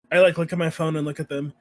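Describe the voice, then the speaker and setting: A man's voice: fairly high pitch, little pitch movement, a little fast, a little mellow, no room sound. A man voicing his character in a tabletop role-play game, talking in a rambling way. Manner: rambling, many fillers and restarts. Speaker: player.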